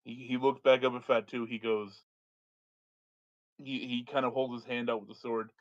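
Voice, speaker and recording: A man's voice: mid-range voice, level tone, normal speed, highs cut off. A man running a tabletop game as game master, narrating in a restless way full of restarts.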